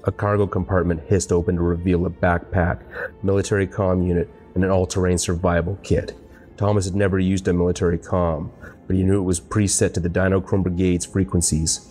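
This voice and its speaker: A man reads a sci-fi audiobook in a very low voice that stays level and unhurried. His delivery is steady and measured, with little rise and fall, and a quiet music score plays faintly under the narration.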